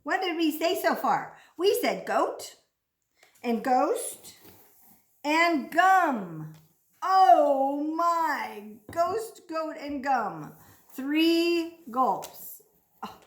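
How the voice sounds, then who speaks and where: A woman's voice: high voice, lively intonation, echoey room. Sing-song woman teaching kids. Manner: sing-song, exaggerated and playful, speaking slowly to children. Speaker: children's speech therapist. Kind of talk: children's speech lesson.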